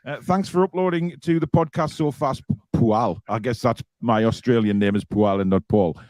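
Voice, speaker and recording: A man's voice: mid-range voice, fairly even intonation, normal speed, darkish tone, no room sound. A man hosting a casual live fan show, reading out viewer comments and teasing his co-hosts. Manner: teasing, jokey, reads comments aloud.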